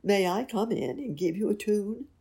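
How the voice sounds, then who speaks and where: A woman's voice: mid-range voice, lively intonation, moderate pace, creaky, mellow, husky, voice pushed up. A woman voicing a cheerful, bold male fairy cat in a storybook, speaking eagerly. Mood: sly.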